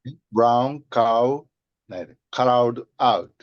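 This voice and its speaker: A man repeats practice phrases slowly and tentatively over a video call. His voice comes through dry and somewhat dull. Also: mid-range voice, no room sound. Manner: slow, tentative repetition. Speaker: student. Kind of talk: pronunciation practice.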